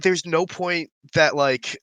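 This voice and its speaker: A man, a dungeon master and podcast co-host, telling an animated anecdote in casual chat and laughing between lines. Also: fairly high pitch, takes it slowly, no echo.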